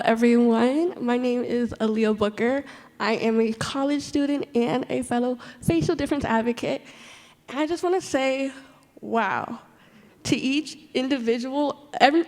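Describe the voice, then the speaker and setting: A young woman in her twenties speaks from the audience at a conference, her voice high and heartfelt. She often repeats her words as she talks. The sound carries a long reverb from a large hall. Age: 20s. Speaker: audience member. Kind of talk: emotional public comment.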